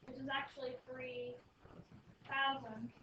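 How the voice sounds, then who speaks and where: High-voiced encouraging woman teacher. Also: flat delivery, measured pace, far from the mic. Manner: encouraging, coaxing students with questions. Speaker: math teacher. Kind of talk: classroom teaching. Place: classroom. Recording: echoey muffled room recording from afar, noisy.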